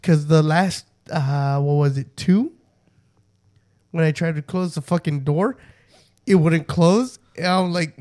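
High-voiced young man telling a profane story. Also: unhurried. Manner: profane, laughing, animated storytelling. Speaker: storyteller among friends. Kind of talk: casual chat.

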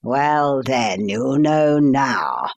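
A woman's voice: a bass voice, animated, very slow, voice pushed down, full character voice. A woman voicing a sinister middle-aged man who talks in an overly soothing, coaxing way that turns menacing. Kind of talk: audiobook character voice.

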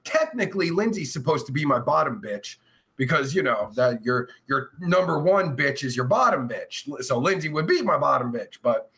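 With a sing-song voice on the high side and a moderate pace, this stuffy-nosed man hosts a crude podcast full of casual chat. He reads viewer comments aloud, cursing nonstop and cracking jokes, loud one moment and mumbling the next.

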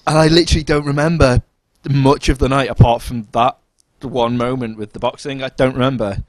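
A man's voice: medium pitch, brisk, dry recording. A man co-hosting a podcast, telling a drunken night-out story in casual chat, laughing and mimicking other people's voices. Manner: animated, laughs through anecdotes, mimics voices. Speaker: podcast co-host.

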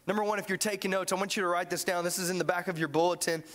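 A man preaching a sermon in a church, animated and joking as he acts out the story. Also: sits high, very fast. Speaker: pastor.

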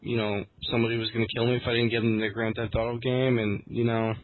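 A man's voice: mid-range voice, level tone, quick pace. Wry, joking man on a tinny line. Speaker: podcast co-host. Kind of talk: casual chat. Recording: tinny phone-like sound.

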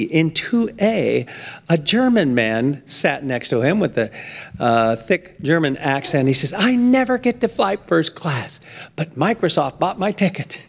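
A man preaching a sermon, with emphatic stress that climbs high on key points. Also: gravelly. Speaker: pastor.

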